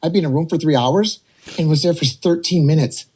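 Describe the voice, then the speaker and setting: A man in his forties telling a personal story on a podcast, animated and rambling, slipping into voices to act out what others said. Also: fairly high pitch, brisk, breathy edge. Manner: animated, rambling, jumps between quoted voices. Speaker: podcast guest. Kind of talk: casual storytelling.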